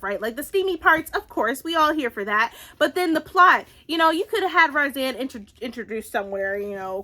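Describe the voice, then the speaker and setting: A young woman giving a casual, animated book-review rant, exclamatory and swearing freely. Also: sits high.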